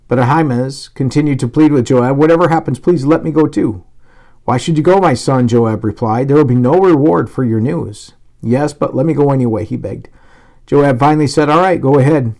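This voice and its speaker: Reading from the Bible in a medium-pitched voice, a male pastor brings the dialogue to life with animated emphasis. Now and then he stumbles and starts a line over.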